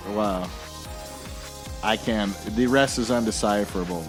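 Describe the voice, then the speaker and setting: Animated male podcast host. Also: medium pitch, measured pace, faint music behind. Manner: animated, jokey, rambling. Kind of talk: casual podcast monologue.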